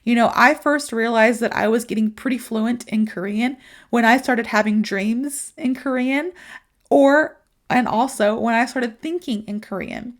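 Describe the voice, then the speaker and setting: Chatty American woman, slightly high voice. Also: unhurried. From United States. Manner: chatty, speeds up when excited, frequent "you know". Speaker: podcast host. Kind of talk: casual podcast advice for English learners.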